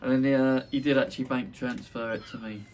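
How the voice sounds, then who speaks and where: A boisterous man hosts a casual, sweary podcast chat full of ribbing. He sits well back from the mic, with a faint hiss of noise behind him. His pitch sits in a middling range. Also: steady tone, a little fast, far from the mic. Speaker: podcast host. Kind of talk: casual banter.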